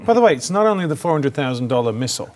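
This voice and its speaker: A man's voice: fairly high pitch, very animated, rapid-fire. A man co-hosting a casual talk show, joking and rambling. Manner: joking, rambling, self-mocking. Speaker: co-host.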